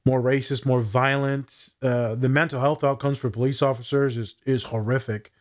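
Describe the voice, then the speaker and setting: A man's voice: mid-range voice, fairly even intonation, moderate pace. A man co-hosting a casual discussion, speaking bluntly and candidly, swearing freely and thinking aloud with fillers and restarts. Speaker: podcast co-host.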